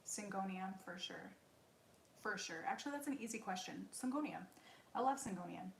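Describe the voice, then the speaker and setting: A woman's voice: mid-range voice, lively intonation, normal speed, vocal fry, echoey room, a little hiss or hum. A woman in her thirties hosting a casual live Q&A from home, chatty and self-deprecating, laughing often, on a wireless mic. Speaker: livestream host answering viewer questions. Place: room at home. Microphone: wireless mic with receiver.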